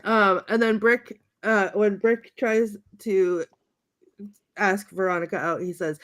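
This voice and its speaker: A woman's voice: mid-range voice, steady tone, takes it slowly, fairly bright tone. Woman co-host, giggly and chatty, mid-range voice, quotes film lines with relish. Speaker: podcast co-host. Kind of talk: casual chat, quoting film lines.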